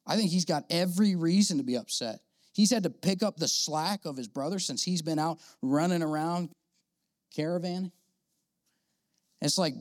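A man preaching a sermon in a casual, animated way, acting out the voices of the people in the story. His voice sits at an ordinary pitch. The sound is dry and close, with little room echo. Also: normal speed. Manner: conversational, animated, acts out quoted characters. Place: church auditorium with audience.

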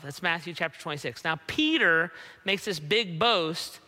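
A male pastor delivers a conversational sermon and often checks in with "right?". His voice is bright and sits high. A long reverb rolls through the large hall. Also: animated, moderate pace. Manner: conversational, keeps asking "right?".

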